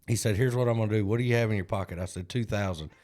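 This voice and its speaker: A man with a fairly low voice co-hosts a podcast. He tells his stories in a loose, casual way, pokes fun at himself, and slips into the voices of the people he quotes. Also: racing, a little mellow. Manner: self-deprecating, acts out other people's lines. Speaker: podcast co-host. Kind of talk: casual storytelling.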